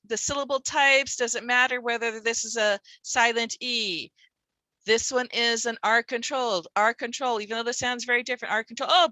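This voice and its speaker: A woman's voice: on the high side, sharp tone, no room sound, poor audio. A middle-aged woman leading a teaching workshop, explaining in a conversational way with rhetorical questions. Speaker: literacy teacher trainer.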